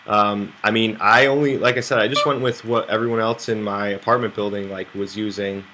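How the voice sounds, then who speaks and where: A man's voice: on the low side, steady tone, a little fast, background noise. A young American man streaming poker, chatting to viewers in a loose, rambling way and swearing freely. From United States. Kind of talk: casual live-stream chat to viewers.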